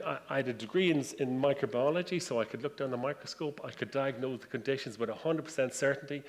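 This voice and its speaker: An Irish man in his sixties giving a humorous talk to an audience, telling stories with self-deprecating wit. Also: medium pitch. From Ireland. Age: 60s. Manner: anecdotal, self-deprecating storytelling. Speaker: guest speaker. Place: lecture room with audience. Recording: distant reverberant hall, faint noise.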